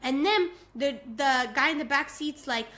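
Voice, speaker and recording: A young woman co-hosting a podcast, telling a story in casual chat and acting out the other people's voices. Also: normal speed. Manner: animated, acts out voices with big pitch jumps. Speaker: podcast co-host.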